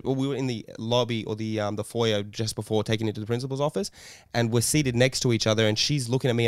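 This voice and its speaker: A man's voice: medium pitch, clean tone, no room sound, clean studio sound. A young man co-hosting a podcast, telling a story in a rambling way with lots of fillers and laughter. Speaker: podcast co-host. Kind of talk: casual storytelling chat.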